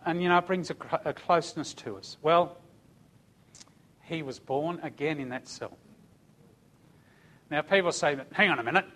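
A man's voice: on the high side, normal speed, long pauses, fairly bright tone. A middle-aged man telling a testimony in a sermon, emphatic and calling out amen and hallelujah. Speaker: church speaker giving testimony.

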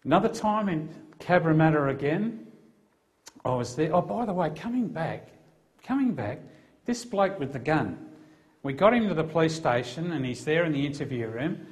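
A man's voice: on the high side, very animated, normal speed. Earnest Australian man preaching testimony. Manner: earnest, emphatic storytelling. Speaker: Christian police officer giving testimony.

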